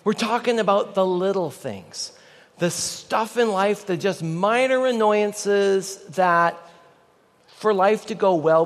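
A Canadian man preaching a sermon in an animated, joking way, getting the audience to repeat lines after him. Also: high voice, in a large hall. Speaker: pastor.

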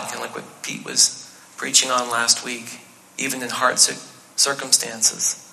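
A man preaching a sermon in a conversational, animated way, acting out the quotes in the passage. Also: mid-range voice, a little fast. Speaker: pastor. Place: church auditorium. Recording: live reverb of a church hall.

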